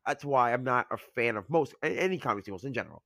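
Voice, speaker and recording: A man's voice: medium pitch, lively intonation, quick pace, vocal fry, a bit bright, no room sound, studio quality. Rambling man getting over a sickness. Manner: rambling, lots of "like" and restarts. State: recovering from illness, voice cracks. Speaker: podcast co-host. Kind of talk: casual chat.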